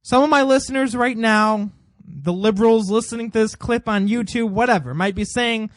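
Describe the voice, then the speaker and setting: A man's voice: high voice, animated, moderate pace, dry recording. A man hosting a political commentary show, delivering an indignant monologue full of rhetorical questions.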